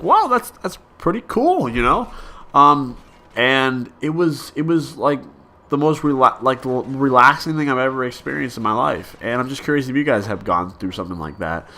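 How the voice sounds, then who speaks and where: A man's voice: medium pitch, pushed and bright. A young man vlogging in a casual, rambling monologue, full of fillers and restarts, coughing now and then.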